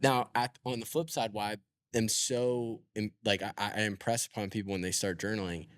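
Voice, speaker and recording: A man hosting a podcast, talking in a thoughtful, halting way with many restarts. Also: fairly low pitch, fairly even intonation, a bit bright, clear, resonant tone, no echo, clean studio sound. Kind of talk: conversational podcast interview.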